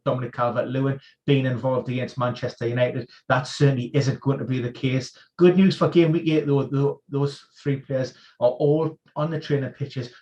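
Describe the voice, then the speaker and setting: A man acting as an injury expert, running through football team news on a live stream in a quick, informed rundown. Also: mid-range voice, a little mellow, low-quality recording. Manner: informed, rapid-fire rundown of player news. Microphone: video call.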